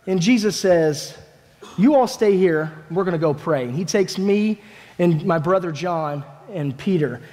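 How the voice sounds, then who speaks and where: A man, a families minister, preaching a sermon as a lively first-person story told in the voice of a disciple, with casual, dramatic phrasing. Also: fairly high pitch. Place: church sanctuary. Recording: echoey church hall.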